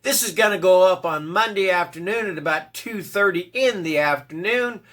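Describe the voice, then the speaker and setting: Bright-voiced man rambling through a review. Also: high-pitched, normal speed. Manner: rambling, with frequent fillers and repeated "all right?". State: occasional cough and throat clearing. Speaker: book reviewer. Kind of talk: casual spoken book review.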